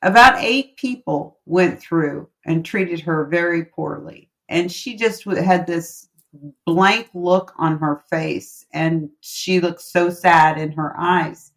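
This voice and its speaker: A woman with a somewhat low voice speaks as a podcast guest. She talks in a casual, heartfelt way. She often repeats words to stress a point. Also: slow pace, fairly bright tone. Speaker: guest, relationship coach. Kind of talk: casual interview chat, storytelling.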